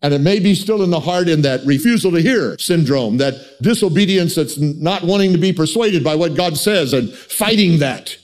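An impassioned male preacher delivers his sermon, climbing into soaring, pleading tones and dropping back low. He stumbles over quick restarts as he presses his point. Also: lively intonation. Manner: impassioned, voicing God's pleas in a higher, pleading tone; stammers on restarts.

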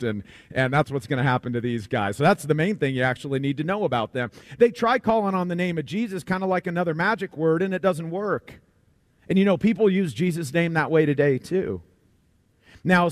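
A man's voice: a little high, no room sound, clean studio sound. Folksy, conversational male preacher. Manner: conversational, repeats words, folksy humor. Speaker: pastor. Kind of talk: sermon.

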